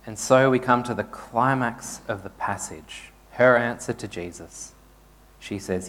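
A man preaches to his congregation in a church, chatty and storytelling. His voice sits in an ordinary middle pitch. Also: unhurried, fairly bright tone. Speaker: pastor. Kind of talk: sermon.

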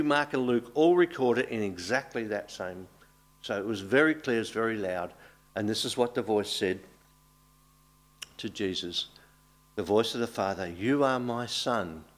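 A man preaching a baptism sermon as pastor, speaking earnestly with small restarts and pauses. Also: medium pitch, a bit bright.

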